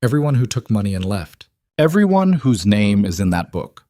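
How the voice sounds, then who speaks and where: A man's voice: on the low side, sing-song, normal speed, mellow, dry recording, studio quality. A man doing Harlan, a desperate pleading ranch bookkeeper. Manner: pleading, voice rising.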